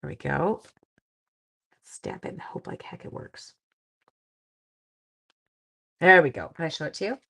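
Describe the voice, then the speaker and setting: Chatty gravelly-voiced woman crafting live. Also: sits low, huge pitch swings, a little slow, long pauses. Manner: chatty, self-deprecating, drops to quiet mutters while working. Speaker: craft livestream host. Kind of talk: casual crafting demonstration.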